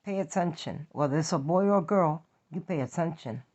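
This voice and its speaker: On dull lo-fi audio, a New York woman with a matching accent speaks fairly quickly in a deep, darkish voice. She tells a confessional personal story bluntly, with emphatic profanity.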